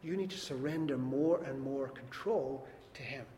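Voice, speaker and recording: A man's voice: medium pitch, moderate pace. Man preaching in a reverberant hall. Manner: earnest, emphatic preaching that swings between loud and soft. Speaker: pastor. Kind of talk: sermon. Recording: long reverb, faint background noise.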